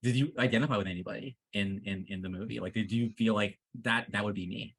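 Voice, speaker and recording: A man in his forties co-hosting a podcast in casual chat, excitable and swearing freely. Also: fairly low pitch, fast, creaky, slightly rough. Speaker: podcast co-host.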